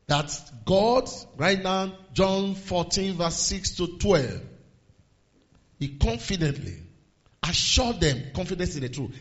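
A man preaching a sermon, swinging from low murmurs to raised exhortations and quoting scripture in old-fashioned phrasing. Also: sing-song, takes it slowly, lo-fi sound. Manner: quotes scripture in King James phrasing.

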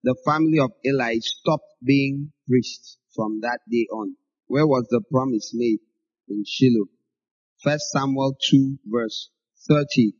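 A man preaching a Bible-teaching sermon in an emphatic, scolding way, his voice jumping up in pitch and volume to drive points home. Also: a little slow, breathy edge. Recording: dull lo-fi recording.

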